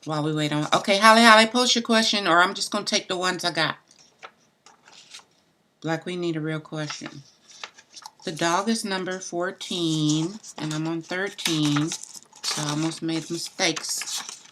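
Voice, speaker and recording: A woman's voice: sits low, steady tone, a little slow, pauses often, fairly bright tone, slight background noise. A woman hosting a live tarot reading stream, chatting loosely and bluntly with viewers. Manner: chatty, talks straight to viewers; loose and blunt, mild cussing. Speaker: tarot reader.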